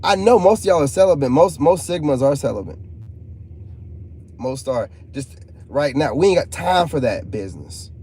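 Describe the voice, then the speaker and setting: A man's voice: on the high side, expressive, moderate pace, dark tone, slight background noise. A man, hosting a casual live stream, joking and reading chat aloud. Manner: joking, laid-back, reads chat aloud. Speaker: channel host talking to live chat.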